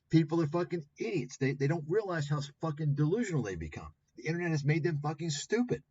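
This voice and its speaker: A man's voice: on the high side, very animated, fairly quick, darkish tone, slight background noise. Profane, combative man ranting. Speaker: commentary livestream host. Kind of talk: ranting commentary on clips. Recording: dull lo-fi stream audio.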